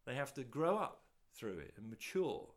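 Guy preaching a sermon, voice swoops up and down a lot, big rhetorical questions then goes quiet. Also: medium pitch, moderate pace. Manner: expressive, rhetorical questions, dramatic swells and hushed drops.

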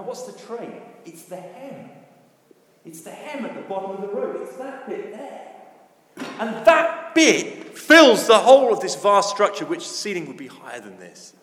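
A man preaching a sermon, emphatic, with big swings between loud declarations and hushed lines. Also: fairly high pitch, big-room sound. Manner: emphatic, dramatic swings in loudness and pace.

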